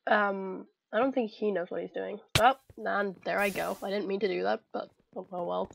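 A woman's voice: medium pitch, fairly even intonation, moderate pace, creaky, background noise. A young Irish woman giving chatty, giggly commentary to herself while playing a video game. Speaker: gamer. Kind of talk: casual gameplay commentary.

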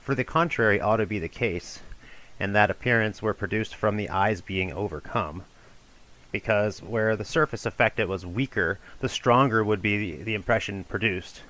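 A man giving a measured, formal audiobook reading of an ancient philosophical dialogue. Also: lowish voice, sharp tone, low-quality recording. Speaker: reader of a classical dialogue.

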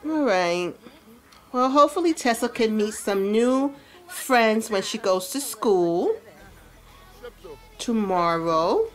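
A woman's voice: on the high side, expressive, takes it slowly, pauses often. A woman giving casual let's-play commentary, chatting about what her game characters feel. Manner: chatty, narrates characters' feelings. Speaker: gameplay commentator.

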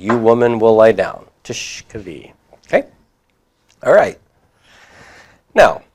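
A man teaching a class, reviewing homework and prompting students with questions, with occasional chuckles. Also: on the low side.

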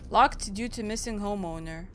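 A woman's voice: mid-range voice, moderate pace, fairly bright tone, slight background noise. A woman from Europe hosting a gaming channel, reacting aloud and chatting through a let's play. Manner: chatty, reacting aloud, frequent small laughs.

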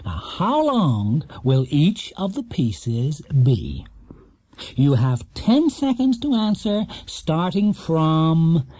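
A man reading a storybook aloud, voicing a showy male television quizmaster in a drawn-out, theatrical way. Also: on the high side, wildly swooping pitch, mellow, no room sound, full character voice. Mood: showy, coaxing. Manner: slow, drawn-out, theatrical quiz-host delivery.

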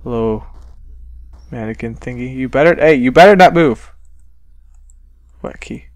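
A man's voice: mid-range voice, measured pace, dry recording. A man hosting a horror game let's-play, jumpy and exclaiming, talking back to the game as he plays. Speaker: gaming channel host.

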